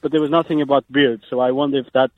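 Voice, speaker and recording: A man's voice: medium pitch, little pitch movement, very fast, dry recording. A man from Portugal calling in to a radio show, speaking hesitantly and searching for words. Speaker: caller. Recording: tinny phone line.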